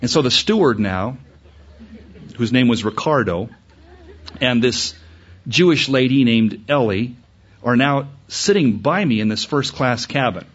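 A pastor preaching to his congregation, his voice a little husky and his delivery animated, jumping upward on key points. The recording sounds dull and muffled, like an old sermon tape. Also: measured pace, pauses often. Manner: animated, rising in pitch when emphatic. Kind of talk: sermon storytelling.

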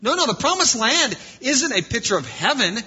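Bright, husky-voiced preaching man. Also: extremely high pitch, very animated, normal speed. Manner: preaching, swings between loud and quiet. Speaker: pastor. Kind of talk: sermon. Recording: lo-fi muffled sound.

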